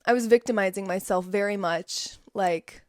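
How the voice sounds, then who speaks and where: A woman's voice: mid-range voice, moderate pace, no room sound, studio quality. Emphatic young woman giving pep talk. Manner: emphatic, repeats key words, drops to soft asides. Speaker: host. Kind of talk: casual motivational talk.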